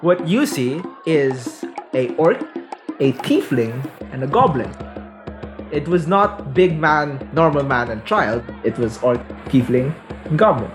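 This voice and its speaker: A man's voice: a little high, lively intonation, slow. A man narrating a tabletop game as game master in a casual, rambling way, with music behind. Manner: casual, rambling, lots of fillers. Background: background music.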